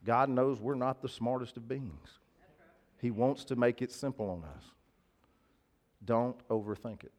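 A male preacher talks to his congregation in a loose, conversational sermon. His pitch sits in the middle range for a man, and he keeps checking in with the listeners in a folksy way. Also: measured pace, long pauses, a little mellow. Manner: conversational, folksy, asks the crowd to agree.

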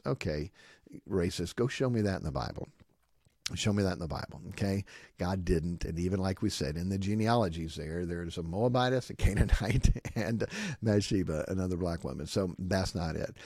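The dry, studio-quality recording captures a pastor with a fairly low voice hosting his podcast. He talks emphatically, frequently checks in with "okay?", and brings quoted speech to life in lively voices.

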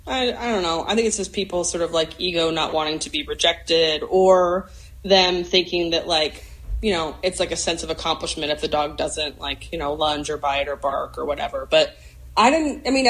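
A woman's voice: fairly low pitch, normal speed, poor audio. A woman guest on a podcast, musing in casual chat with many fillers and restarts. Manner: thoughtful, hesitant, many fillers and restarts, laughs easily.

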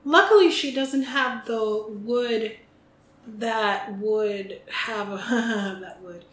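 A woman's voice: a little high, very slow. A woman co-hosting a podcast from the United States, talking in a chatty, casual way with ums and restarts. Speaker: podcast co-host. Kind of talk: casual chat. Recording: echoey room with faint noise.

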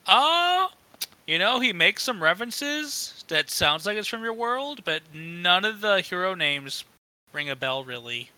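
A man narrating as game master of a tabletop game in an easygoing way, often pausing on fillers. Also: sits high, big pitch swings, pushed and bright, no echo.

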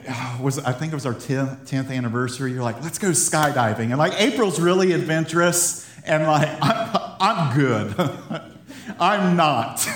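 Fairly high-voiced animated male pastor, roomy. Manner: animated, laughing, building to excited emphasis. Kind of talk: sermon. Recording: roomy echo of a hall.

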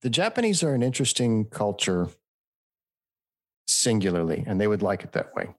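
Low-ish american guy chatting, tells stories and does little voice impressions. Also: moderate pace, dry recording, studio quality. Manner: animated storyteller, mimics voices in anecdotes. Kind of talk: casual chat.

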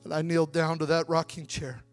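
Man, high voice, preacher, storytelling sermon that swells into shouting, faint music underneath. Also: level tone, brisk.

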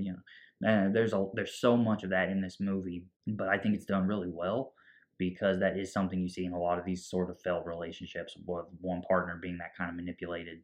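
A man's voice: deep voice, level tone, brisk. A man casually recapping a film scene by scene, acting out the characters' lines as he goes. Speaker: movie podcast co-host. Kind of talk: casual movie recap chat.

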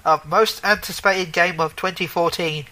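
A man's voice: high voice, fairly even intonation, normal speed, sharp tone, rough recording. A man co-hosting a casual gaming chat show, rambling, correcting himself mid-sentence and joking as he goes. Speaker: podcast co-host.

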